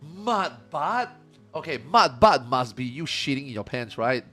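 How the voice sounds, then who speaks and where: A man in his forties chatting casually on a live stream, animated and laughing as he mocks slang. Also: medium pitch, a little slow, soft background music. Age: 40s. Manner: animated, laughing, mocking slang in comic voices.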